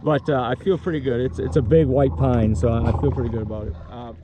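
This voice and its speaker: A man's voice: mid-range voice, steady tone, fast talker, dull audio, background noise. A man working as a fishing guide, chatting and joking on a boat on a lake, often laughing and restarting his sentences. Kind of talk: casual fishing vlog chat.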